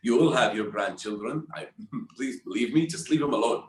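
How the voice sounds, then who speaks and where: A man's voice: mid-range voice, fast, echoey room, far from the mic. A comedian in his forties from Kuwait, telling stories in casual chat and acting out his friends' voices. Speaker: comedian and comedy club founder.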